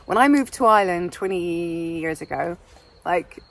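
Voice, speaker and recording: A woman's voice: fairly low pitch, animated, normal speed, fairly bright tone. A middle-aged English woman with an English accent, chatting in a meandering, self-deprecating way as a podcast co-host. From England. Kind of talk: casual chat.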